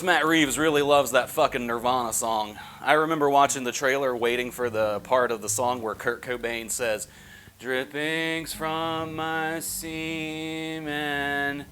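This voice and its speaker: A man's voice: mid-range voice, fairly quick, hardly any pauses, fairly bright tone, a little hiss or hum. Crude, jokey man reviewing a film. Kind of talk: scripted comedy review.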